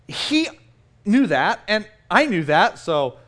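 A middle-aged man preaching a sermon as a pastor, telling stories in an animated, self-mocking way. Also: high voice, slow.

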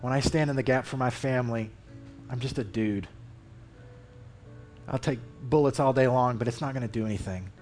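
A man preaching a sermon in a conversational, emphatic way, reading Scripture aloud with animated inflection. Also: mid-range voice, moderate pace, long pauses, soft background music. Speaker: lay preacher. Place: church.

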